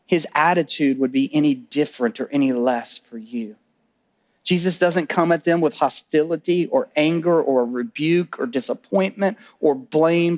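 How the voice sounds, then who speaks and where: A man preaching a sermon as pastor, animated in his storytelling and dropping to a hush on key words. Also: on the high side. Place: church auditorium.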